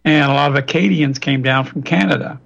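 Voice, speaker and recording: Over a remote line, a Louisiana man guesting on a radio interview lectures at length, digressing and restarting often. His medium-pitched voice is fairly quick, creaky, and fairly bright. The radio audio is dull and lo-fi.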